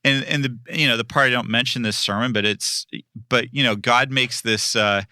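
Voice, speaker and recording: A man's voice: mid-range voice, fairly even intonation, normal speed, pushed and bright, no room sound, studio quality. A male pastor in a casual discussion, talking animatedly, laughing often and acting out the people he quotes.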